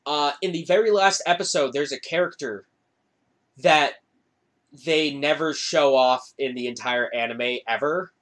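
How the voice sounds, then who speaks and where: A man's voice: fairly high pitch, a little slow, a bit bright. A man co-hosting a podcast in casual chat, blunt and playfully opinionated, swearing freely. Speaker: podcast co-host.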